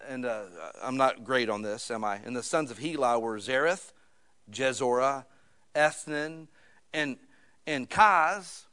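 A middle-aged male pastor preaching a sermon in a joking, conversational way, with lively asides between readings. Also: medium pitch, a little slow.

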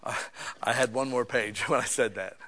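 A male pastor preaching a sermon in a church, joking and casual, swinging from quiet asides to loud bursts. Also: mid-range voice, moderate pace.

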